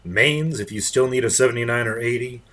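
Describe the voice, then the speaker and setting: A man leading a game raid over voice chat, calmly giving directions to players. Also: medium pitch, fairly quick. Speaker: raid leader.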